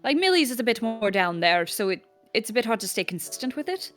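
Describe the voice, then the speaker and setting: Giggly, lively woman voice actor. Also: a little high, quick pace, faint music behind. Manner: giggly, rambling, swears casually. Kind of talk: casual panel chat.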